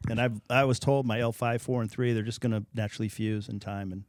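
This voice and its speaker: A man in his fifties from Nebraska tells long, rambling stories and pokes fun at himself in a loose, casual way. His pitch sits in a middle range. The sound is dry and close, with no room echo. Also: steady tone, quick pace. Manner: rambling storyteller, self-deprecating. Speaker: comedian, podcast guest. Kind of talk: casual storytelling chat.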